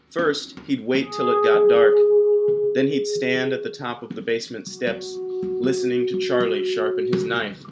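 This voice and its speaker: A man narrating a dark horror story in a slow, measured storytelling voice. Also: medium pitch. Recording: loud guitar music behind the voice. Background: loud plucked guitar music.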